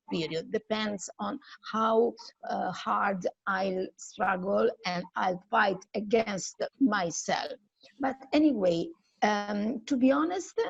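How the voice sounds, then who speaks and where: A woman's voice: mid-range voice, creaky, breathy edge, no room sound, muffled recording. A woman from Italy whose first language is Italian, sharing thoughtful views in a casual English practice chat. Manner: thoughtful, repeats words while finding phrasing. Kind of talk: casual group conversation. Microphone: video call.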